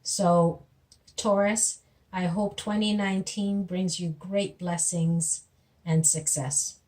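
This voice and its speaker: A woman giving a tarot reading in a gentle, reassuring, unhurried way, repeating words and pausing as she goes. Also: lowish voice, steady tone. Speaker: tarot reader. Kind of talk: slow, soothing tarot reading.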